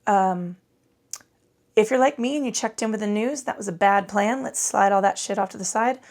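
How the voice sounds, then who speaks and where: A woman's voice: mid-range voice, normal speed, darkish tone. A woman teaching a casual yoga class, chatty and profane, with rambling asides and a tired edge. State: tired from little sleep. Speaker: yoga instructor. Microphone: microphone.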